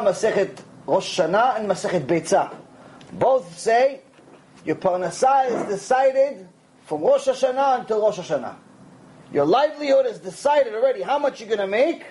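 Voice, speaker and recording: Animated high-voiced man giving a Torah lecture. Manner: animated, conversational, acts out quoted voices. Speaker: rabbi.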